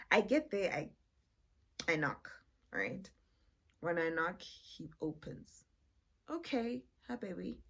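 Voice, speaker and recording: A woman's voice: deep voice, expressive, extremely slow, long pauses, sharp tone, slightly rough. A woman, chatting to her viewers in a casual storytime vlog. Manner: chatty, addresses viewers as "guys", many fillers. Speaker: vlogger.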